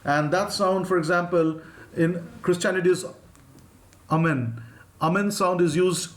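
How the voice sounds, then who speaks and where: A man's voice: high-pitched, a little slow, reverberant. A man with an Indian English accent teaching an online phonetics lesson, patiently modelling sounds for students to repeat.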